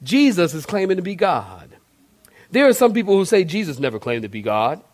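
A male pastor preaching a sermon, animated, putting questions straight to the congregation. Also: high-pitched, brisk. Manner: shouted cartoonish outbursts for emphasis.

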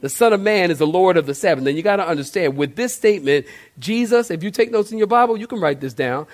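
A male pastor preaching a sermon, animated, putting questions straight to the congregation. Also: sits high, quick pace. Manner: shouted cartoonish outbursts for emphasis.

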